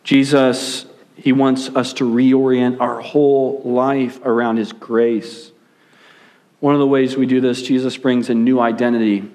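A young adult man preaching a sermon as pastor, animated and swinging between loud emphasis and hushed asides. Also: medium pitch, measured pace.

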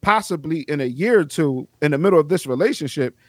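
A man's voice: animated, fast talker, slightly rough, no room sound, clean studio sound. A man co-hosting a casual group podcast, teasing and joking with friends. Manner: teasing, joking, swings high and low.

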